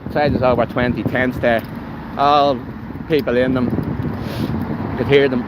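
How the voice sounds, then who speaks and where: A man's voice: mid-range voice, fairly even intonation, normal speed. A man with a Dublin accent giving blunt, heated commentary while walking outdoors, filmed on a phone. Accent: Irish, Dublin. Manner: blunt, heated, swears freely. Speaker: livestreamer. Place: outdoors on city streets. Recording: outdoor street recording with traffic noise.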